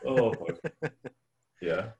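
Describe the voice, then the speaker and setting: A man's voice: fairly low pitch, big pitch swings, very slow, darkish tone, muffled recording. A man co-hosting a podcast in laid-back casual chat, filling his sentences with "like". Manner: laid-back, peppers speech with "like". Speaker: podcast co-host. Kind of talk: casual chat about movies.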